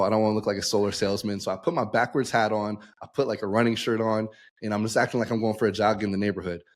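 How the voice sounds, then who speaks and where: A young man, a podcast guest, telling his story casually and acting out the dialogue he quotes. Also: fairly low pitch. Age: young adult.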